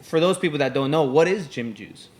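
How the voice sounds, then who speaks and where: A man hosting a casual podcast interview in a relaxed, conversational way. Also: on the high side. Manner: relaxed, conversational, quick backchannel replies. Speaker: podcast host.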